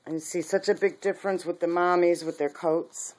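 A woman breeder talking casually about her puppies, often cooing to them in soft baby talk. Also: fairly low pitch, steady tone, brisk. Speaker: dog breeder. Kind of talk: casual video chat with puppies.

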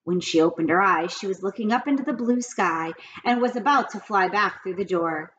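A woman reading a children's book aloud in an expressive storytelling manner. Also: medium pitch, moderate pace, dull audio, slight background noise. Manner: lively, expressive reading with character voices.

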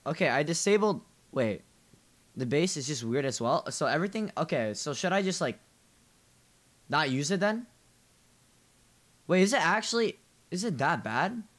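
In casual livestream chat with viewers, this streamer is restless and keeps asking questions, using "bro" and "dude" often. A close condenser desk mic at home captures an animated, medium-pitched voice at normal speed, a bit bright, pausing often, with no room sound.

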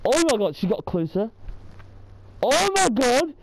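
A woman's voice: on the high side, very animated, a little slow, a little hiss or hum, poor audio. A woman giving horror game commentary, exclaiming and complaining and tacking questioning tags onto her sentences. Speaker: gamer.

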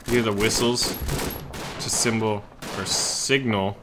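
A man giving excitable let's play commentary while playing a shooter game, often swearing and shouting at the action. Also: fairly low pitch, measured pace, background noise. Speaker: gaming YouTuber. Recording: loud game gunfire behind voice. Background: game gunfire and explosions.

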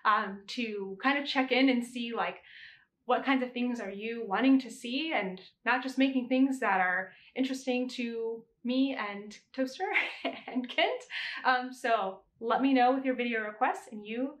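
Woman, young adult, podcast host, casual chat, bright tone, echoey room. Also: fairly high pitch, a little slow. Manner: chatty, laughs often, self-correcting.

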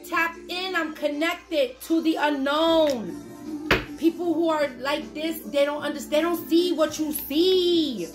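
A woman doing a spiritual reading as an emphatic, repetitive pep talk, sometimes bursting into shouts. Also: sits high, slow. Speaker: spiritual reader channeling messages. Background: music playing.

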